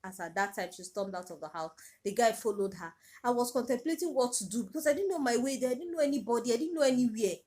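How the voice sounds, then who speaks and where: A woman's voice: a little high, expressive, fast talker, hardly any pauses, darkish tone. Emotional Nigerian woman telling her story. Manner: emotional, urgent retelling with repeated phrases. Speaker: vlogger. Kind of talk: personal storytelling vlog.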